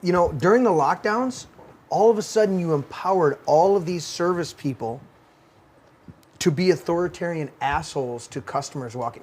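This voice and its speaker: A man's voice: high-pitched, expressive, a little fast. A man hosting a talk show, telling stories in a heated, profane rant. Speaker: podcast host. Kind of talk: casual ranting talk show.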